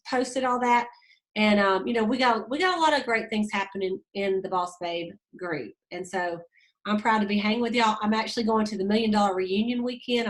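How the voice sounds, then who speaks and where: A woman's voice: medium pitch, poor audio. Upbeat woman giving a pep talk. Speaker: sales director hosting a team call. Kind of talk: motivational team call.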